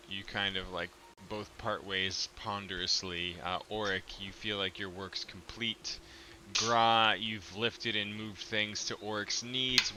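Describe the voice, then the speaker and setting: A man narrating as game master of a tabletop game, unhurried and full of fillers. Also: lowish voice, background noise.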